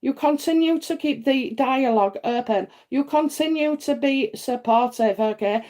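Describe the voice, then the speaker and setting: A woman's voice: a little high, unhurried, hardly any pauses, mellow. A woman hosting a live psychic reading stream, chatty and reassuring, with many fillers and frequent "okay?" checks. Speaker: psychic host answering viewer questions.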